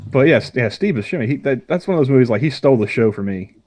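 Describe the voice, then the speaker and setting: A man's voice: mid-range voice, animated, fast talker, a little mellow. A young man co-hosting a podcast, rambling in casual chat and often stammering and restarting his sentences. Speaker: podcast co-host.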